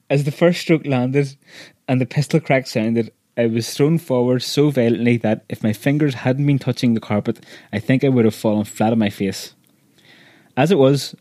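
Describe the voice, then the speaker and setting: A man narrating a story aloud in a measured, vivid way. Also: medium pitch, warm tone, dry recording, studio quality.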